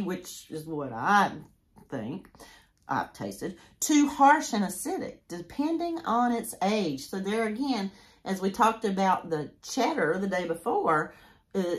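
A woman in her sixties chatting casually to camera as a crochet vlogger, rambling and interrupting herself as she goes. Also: medium pitch. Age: 60s.

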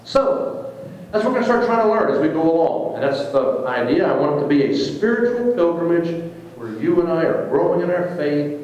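A man, a pastor, leading a church trip meeting in an informal, joking, animated way. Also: on the high side, brisk, highs cut off. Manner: lively, joking, animated teacher. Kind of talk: informal talk to a church group. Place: church fellowship hall. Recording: echoey hall, speaker far from mic.

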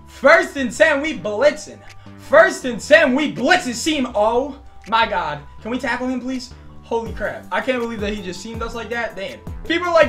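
A man commenting on his own football video game match, hyped and often shouting. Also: very high voice, animated, normal speed, faint music behind. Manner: hyped, frequent shouting and yelling. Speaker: gaming YouTuber.

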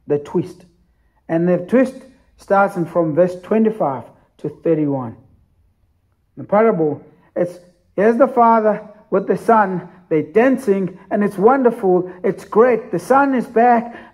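A man's voice: sits high, darkish tone, husky. A man preaching a sermon as pastor, telling the story emphatically with repeated phrases.

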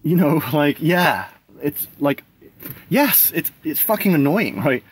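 A man's voice: fairly high pitch, lively intonation, slow, a little hiss or hum. Rambling man full of filler words. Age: 30s. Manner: rambling, many "like" and "right?" fillers; swears casually, laughs between thoughts. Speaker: vlogger. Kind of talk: casual monologue to camera.

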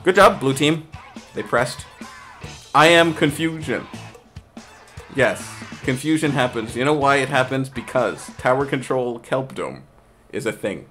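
A man with a mid-range voice hosts a live game stream in a loose, conversational way. He reads chat aloud, stumbles and restarts his sentences, and gets loud with play-by-play when the action heats up. Faint music plays underneath. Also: mid-range voice, normal speed. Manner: excited play-by-play shouting during action. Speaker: streamer hosting private game lobbies. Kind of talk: casual live-stream commentary.

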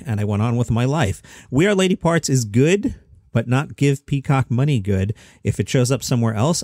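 A man's voice: medium pitch, darkish tone, no echo, studio quality. A middle-aged man hosting a comedy news podcast, chatty with jokey asides. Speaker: host.

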